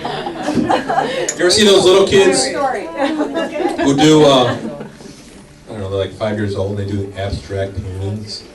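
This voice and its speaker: A man doing stand-up comedy on a club stage, animated and acting out family dialogue. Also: medium pitch, unhurried, pauses often, over a noisy crowd. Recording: echoey club, from far off. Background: loud audience laughter.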